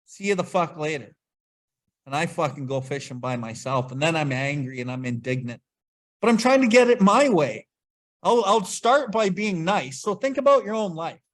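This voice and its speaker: A man's voice: fairly high pitch, expressive, normal speed. A man leading a casual recovery study talk, blunt and swearing freely as he acts out his own past outbursts. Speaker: podcast host leading Big Book study.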